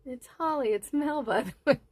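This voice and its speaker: A woman hosting a casual crochet livestream, counting stitches softly under her breath and chatting with viewers. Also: sits high, expressive, normal speed, no echo. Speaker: livestream host.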